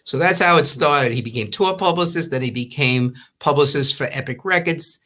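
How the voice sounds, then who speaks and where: A man's voice: fairly high pitch, normal speed. An older man from the New York area, a former magazine owner, telling long anecdotes in casual talk and acting out the quotes. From Long Island, New York. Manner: rambling, warm storytelling with acted-out quotes.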